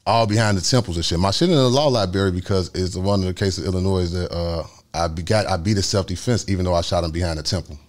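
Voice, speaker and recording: A man's voice: low voice, fast, hardly any pauses. A man, a guest telling a long story in street slang and acting out sounds as he goes. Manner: street slang, rambling retelling with sound effects. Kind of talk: storytelling interview.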